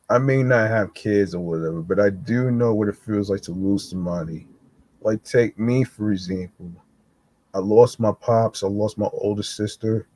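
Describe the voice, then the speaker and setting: A man hosting a solo podcast, choked up and halting, with many fillers and restarts as he talks. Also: on the low side, a little mellow, dry recording, low-quality recording. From New York. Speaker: podcast host.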